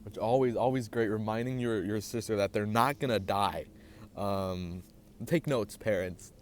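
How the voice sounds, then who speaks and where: A young man hosting a casual storytime vlog, animated and swearing as he gets heated. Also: fairly low pitch, measured pace, a little hiss or hum. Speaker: vlogger host.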